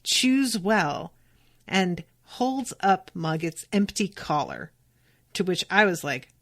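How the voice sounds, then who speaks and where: A young adult woman hosting a podcast, reading a novel aloud and breaking off into casual, profane, excited reactions. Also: lowish voice, takes it slowly. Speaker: podcast host.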